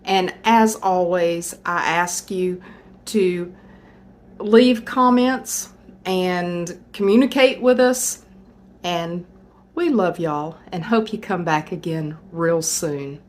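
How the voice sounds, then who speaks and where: A woman's voice: fairly low pitch, takes it slowly. A woman hosting a home cooking video, talking in a chatty, folksy way as she shows a dish. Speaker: home cooking channel host. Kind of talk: casual cooking demonstration.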